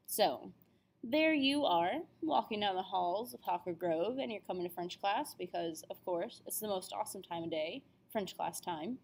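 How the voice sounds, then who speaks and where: In this classroom lesson video, a young adult woman who teaches French works through a beginner lesson at a middle pitch, her voice a little mellow. Her tone is upbeat, and she takes care over every vowel.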